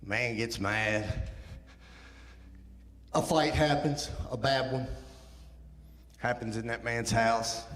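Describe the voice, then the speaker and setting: Guest preacher, man in his fifties, animated storyteller who acts out his quotes, in a reverberant sanctuary. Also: on the low side. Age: 50s. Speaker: guest speaker. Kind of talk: sermon testimony storytelling. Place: church sanctuary. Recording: echoey church hall.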